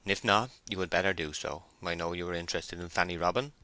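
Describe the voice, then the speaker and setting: A man reading the part of a steady, stern young shepherd in an audiobook, speaking firmly and plainly. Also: sits low, fast, no echo. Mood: questioning. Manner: firm, plain-spoken.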